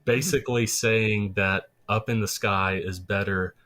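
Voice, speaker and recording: A man's voice: lowish voice, steady tone, measured pace, sharp tone. A man talking as a podcast guest in casual, enthusiastic chat, rambling a little with restarts.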